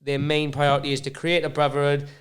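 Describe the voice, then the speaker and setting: A man hosting a podcast with a smooth, clear voice pitched a little high. His delivery stays fairly flat as he reads a sponsor message and asks questions. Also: fast. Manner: reads a sponsor message, brief agreeing interjections. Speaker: podcast host. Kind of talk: casual chat. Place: podcast studio.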